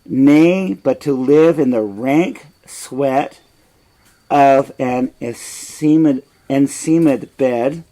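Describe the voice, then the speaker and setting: A man's voice: mid-range voice, very slow, warm tone, rough recording. A man reading a young prince's lines, reciting the verse raised and emphatic. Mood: disgusted. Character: young prince, bitter and anguished.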